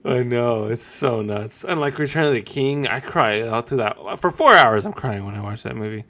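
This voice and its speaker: A man's voice: medium pitch, normal speed, pushed and bright, a little hiss or hum. A man in his forties hosting a podcast, chatting casually and laughing often. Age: 40s. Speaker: podcast host. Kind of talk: casual chat.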